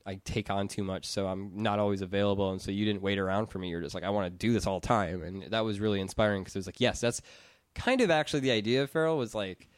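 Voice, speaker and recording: A man's voice: on the low side, fast talker, dry recording. A young man chatting casually on a podcast, rambling earnestly with lots of fillers, close on the mic. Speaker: podcast network founder.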